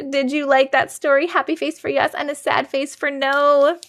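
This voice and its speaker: Woman host, higher voice, dry close sound, reads spooky stories to her chat with big reactions. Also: normal speed, no echo. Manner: expressive, reacts with gasps and laughs between reading. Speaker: live stream host reading viewer stories. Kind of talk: casual live stream chat and story reading.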